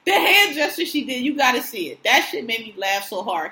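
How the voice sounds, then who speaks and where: A woman co-hosting a casual show chat, animated, slangy and profane, often breaking into laughs. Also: fairly high pitch, fairly quick. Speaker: podcast co-host. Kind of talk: casual chat recapping TV shows.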